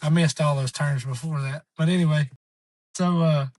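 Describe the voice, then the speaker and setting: A man's voice: a little high, normal speed. A man telling a long, rambling story on a podcast, acting out the voices of the people in it. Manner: rambling, animated, acts out quoted voices. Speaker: podcast guest. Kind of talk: casual storytelling.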